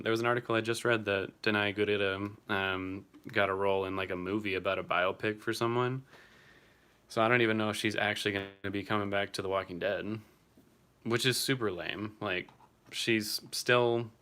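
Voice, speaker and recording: A man's voice: fairly low pitch, steady tone, a little fast, bright, forceful tone, smooth. A young man casually chatting on a livestream, answering viewers by name and swearing now and then. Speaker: streamer reading live chat.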